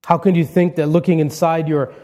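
Mellow-voiced pastor giving a eulogy. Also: male voice, a little high, little pitch movement, fairly quick. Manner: conversational storytelling with warm humor and frequent restarts. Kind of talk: funeral eulogy sermon. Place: church sanctuary.

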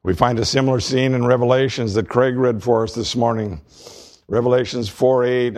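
A man preaching a sermon as pastor, reading scripture aloud in a measured way and slowing down on key words. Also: medium pitch, darkish tone. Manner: reads scripture and quotes aloud.

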